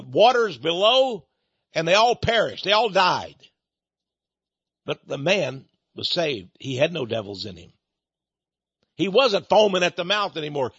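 A man's voice: high-pitched, a bit bright, dry recording. A man preaching a storytelling sermon about his ministry, repeating and restarting words as he talks, in a dull lo-fi recording.

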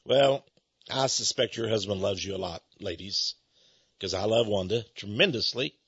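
Gravelly folksy radio host. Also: male voice, on the low side, moderate pace, a bit bright, no echo, highs cut off. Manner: chuckling, teasing, folksy storyteller. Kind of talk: folksy rambling radio talk.

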